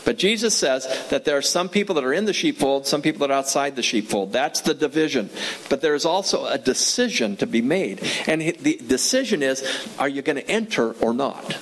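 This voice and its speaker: A man's voice: mid-range voice, animated, fairly quick, low-quality recording. A man preaching a sermon as a pastor, talking in a conversational way, asking his listeners questions and repeating key phrases for emphasis. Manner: conversational, asks the audience questions.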